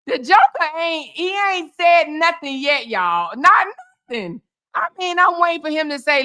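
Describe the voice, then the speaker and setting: A woman with a voice that sits high and moves a little slowly hosts casual reaction commentary. She's animated and full of exclamations, calling her viewers "y'all" and "honey."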